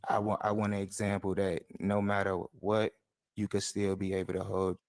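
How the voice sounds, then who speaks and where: A man with a lowish voice confronting someone on a show. He sounds aggrieved and trips over repeated restarts as he presses his point. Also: completely flat delivery, moderate pace, a little mellow. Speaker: reality show guest.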